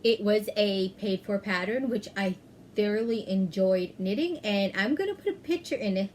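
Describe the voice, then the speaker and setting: A woman hosting a knitting podcast, chatting casually, often pausing with "um" and correcting herself mid-sentence. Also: mid-range voice, darkish tone, a little hiss or hum. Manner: chatty, self-correcting, frequent "um". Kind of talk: casual chat.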